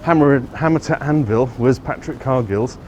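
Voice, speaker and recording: Guy rambling through a street tour, mid pitch, traffic loud behind him. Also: normal speed, dull audio. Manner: chatty and rambling, with self-corrections. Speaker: vlogger giving a walking tour. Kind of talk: casual walking-tour narration. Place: city streets outdoors. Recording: outdoor street recording with traffic noise.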